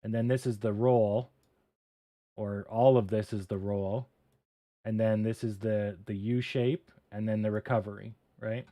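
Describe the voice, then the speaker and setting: Slow, low-voiced man hosting a livestream. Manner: relaxed, muttering, swears and laughs at his own mistakes. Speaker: livestream host. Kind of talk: casual livestream chat while coding and reading charts.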